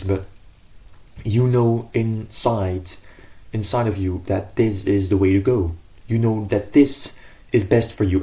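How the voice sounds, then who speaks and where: Earnest male vlogger, low and warm, talks in loose restarts. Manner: earnest, rambling, self-correcting. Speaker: self-improvement vlogger. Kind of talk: casual advice monologue.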